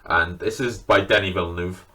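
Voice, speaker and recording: Chatting to camera without a script, a man shows his film collection with plenty of enthusiasm and loose swearing. His low voice sounds pushed and bright, with fairly even intonation at a moderate pace.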